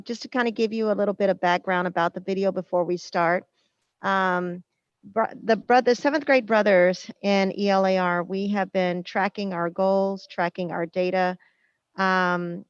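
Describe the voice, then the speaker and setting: A woman's voice: medium pitch, clear, resonant tone, dry recording. A woman teacher speaking to students on a video call in a friendly, explanatory way. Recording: dull, slightly muffled call audio.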